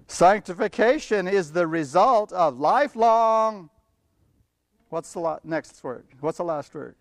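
A man's voice: high-pitched, expressive, slow, long pauses, dry recording, studio quality. A man preaching a sermon, emphatic and blunt, often chuckling between his points as he reads and explains scripture. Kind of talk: sermon with Bible reading.

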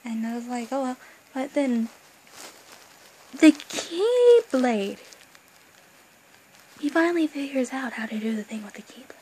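A young woman chatting excitedly as a fan vlogger, rambling and gushing, with bursts of excitement and quiet asides. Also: fairly high pitch, quick pace, slight background noise, poor audio. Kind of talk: excited casual fan chat.

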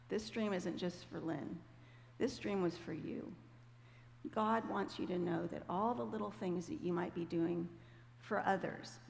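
A woman telling a testimony story to a congregation in a conversational, animated way, sometimes acting out the voices of the people she quotes. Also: fairly low pitch, vocal fry. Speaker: guest speaker. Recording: hall reverb with faint background noise.

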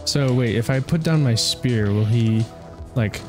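A man's voice: mid-range voice, measured pace, over music. A man giving casual, chatty commentary while playing a video game, talking to himself and to the creatures on screen. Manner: chatty self-talk, talks to game creatures, frequent laughs. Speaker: let's play gamer.

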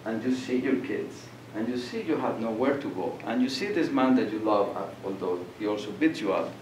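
A man's voice: on the low side, fairly quick. An older man from Colombia, giving a public lecture and telling stories, acting out voices and laughing. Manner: animated storyteller, acts out voices and laughs. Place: lecture hall. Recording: echoey room, distant mic, faint noise.

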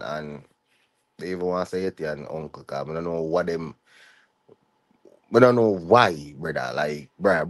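A man's voice: low voice, darkish tone. A man vlogger speaking with a Jamaican patois accent, ranting heatedly and often tagging his lines with "you see me" and "dog". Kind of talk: ranting vlog commentary.

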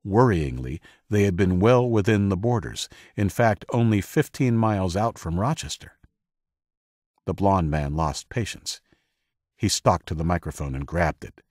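A man narrating an audiobook in a measured, dramatic storytelling manner. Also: sits low, animated, darkish tone, no echo, clean studio sound.

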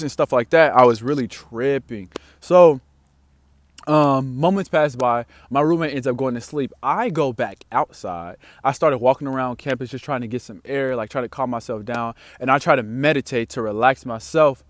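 A young man casually telling a personal story to camera, animated and slangy, with many fillers and sudden swings between loud and quiet. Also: medium pitch, a little fast, dry recording. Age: young adult.

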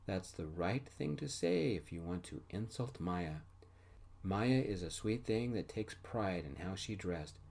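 A man gently narrating a first-person story in a soft-spoken ASMR style. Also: low-pitched, lively intonation, measured pace, creaky.

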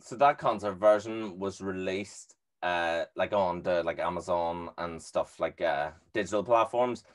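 Low-voiced podcast host, relaxed fanboy vibe, asks lots of questions. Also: male voice, a little slow, hardly any pauses. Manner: relaxed, eager fan questions. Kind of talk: casual interview chat.

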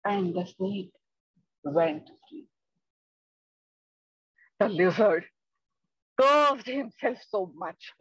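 A woman tells a children's story with slow, dramatic expression, her voice breathy and a bit high. The sound is dry and dull, like a lo-fi online recording. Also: animated, dry recording. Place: home, online talk.

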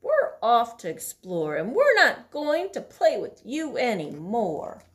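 A woman's voice: fairly high pitch, wildly swooping pitch, slow, full character voice. A woman reading a storybook aloud, voicing a young dinosaur who firmly tells off a friend. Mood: fed up.

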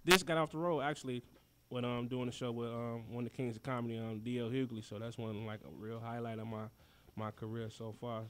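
A man, a comedian guest on a radio show, talking relaxed with many pauses. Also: mid-range voice, a little hiss or hum. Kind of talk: casual radio interview.

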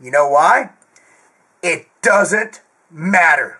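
Loud, screaming, profane fitness ranter. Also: male voice, high-pitched, sing-song, moderate pace, pauses often, slight background noise, poor audio. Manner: jokey, crude asides. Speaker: host of a fitness Q&A channel. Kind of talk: ranting direct-to-camera monologue.

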